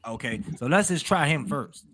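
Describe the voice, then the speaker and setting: A man's voice: a little high, unhurried. A man co-hosting a casual sports podcast, arguing animatedly and saying "bro" a lot. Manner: animated, argues with repeated "bro". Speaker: podcast co-host. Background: other hosts talking over him.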